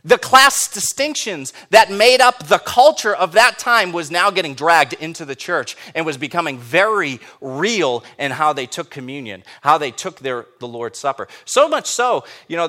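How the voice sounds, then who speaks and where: High, lively, bright-voiced preaching man. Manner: emphatic, many rhetorical questions. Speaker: pastor. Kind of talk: sermon.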